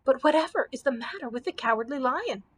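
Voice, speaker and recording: A woman voicing a plucky, quick-witted young girl with a bright, lively delivery in a storybook reading. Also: sits high, breathy edge, pitched above the performer's own voice.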